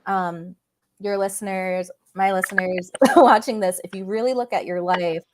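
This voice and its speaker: A woman guest, a business coach, speaking in casual chat with a measured, encouraging coaching manner. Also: medium pitch, steady tone, background noise.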